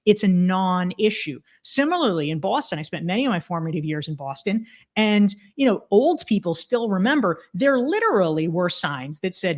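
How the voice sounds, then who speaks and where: Emphatic, animated woman in her forties. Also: on the low side, moderate pace. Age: 40s. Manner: animated, emphatic, many fillers and restarts. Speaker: podcast guest, author. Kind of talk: casual conversational interview.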